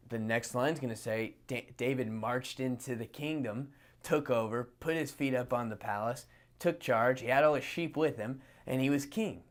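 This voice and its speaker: A man preaching a sermon, retelling a story in a casual, animated way with playful asides. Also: mid-range voice, moderate pace.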